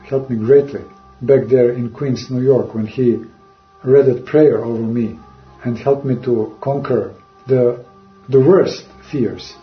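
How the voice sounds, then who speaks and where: Halting, earnest man telling his story. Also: medium pitch. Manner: halting and earnest, searching for words in careful non-native phrasing. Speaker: Christian recounting a personal experience. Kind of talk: personal testimony. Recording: roomy, dull lo-fi with faint music.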